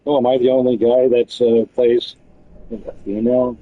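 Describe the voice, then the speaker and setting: A man's voice: mid-range voice, little pitch movement, moderate pace, no echo, narrow, tinny audio. A man telling a long, meandering story about other players in casual chat, swearing freely. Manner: loose, meandering, peppered with swearing and fillers.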